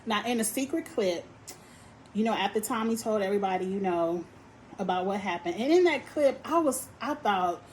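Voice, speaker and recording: A woman gives an opinionated reality TV recap, sassy and animated, scolding the cast as if they could hear her. Her voice sits in a middle register. A faint hiss runs under the recording. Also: medium pitch, moderate pace, poor audio. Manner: sassy, animated, talks straight to the people on the show.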